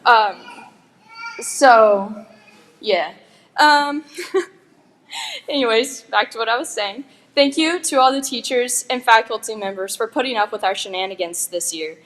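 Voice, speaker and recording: A woman's voice: on the high side, lively intonation, unhurried, pauses often, a bit bright. A young woman, a graduating valedictorian, giving a chatty, joking commencement speech with giggling asides. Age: young adult. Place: school graduation ceremony.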